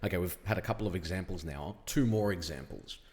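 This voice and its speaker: Brief: deep-voiced male co-host, opinionated casual talk, reverberant room. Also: quick pace, darkish tone. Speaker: podcast co-host. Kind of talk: casual podcast chat.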